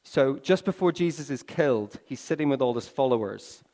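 A man preaching a sermon, telling stories with swings from hushed to excited. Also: mid-range voice, normal speed. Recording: long reverb of a large hall.

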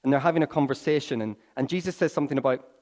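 A man preaching a sermon, telling stories with swings from hushed to excited. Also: mid-range voice, racing. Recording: long reverb of a large hall.

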